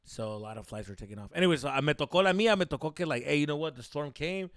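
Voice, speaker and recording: Young man, podcast co-host, dry close sound, swearing, rambling, animated. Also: on the high side, racing, dry recording. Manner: profane, animated, rambling with many fillers. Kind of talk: casual storytelling chat.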